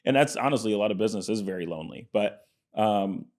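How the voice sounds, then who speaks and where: A man's voice: fairly low pitch, fast. A man being interviewed as a business guest in casual chat, telling stories with lots of fillers and acted-out quotes. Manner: animated storyteller, acts out quotes; frequent fillers and restarts. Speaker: podcast guest, entrepreneur.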